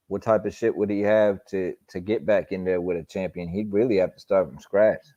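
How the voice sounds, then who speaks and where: Dull, lo-fi stream audio carries a man hosting a live boxing talk show. His voice is fairly low and dark, and he talks casually and profanely, with lots of slang and repetition.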